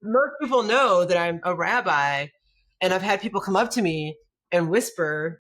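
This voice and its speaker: A woman rabbi talks through her thoughts in a relaxed interview. She is reflective and restarts her sentences, then turns lively and laughs as she tells stories. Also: lowish voice, normal speed. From United States. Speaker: guest, rabbi. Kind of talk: conversational interview.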